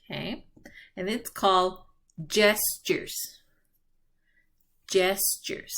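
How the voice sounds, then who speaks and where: Slow, patient bilingual teacher woman. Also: medium pitch, a bit bright. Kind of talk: bilingual classroom lesson.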